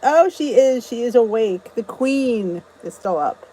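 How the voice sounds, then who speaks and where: A middle-aged American woman with a US accent hosts a casual YouTube livestream from inside her home, chatty and bubbly as she greets viewers and reads their comments. Her voice sits a little high, with lively intonation, an unhurried pace and a warm tone. The audio is poor, picked up by a phone or camera on a stand.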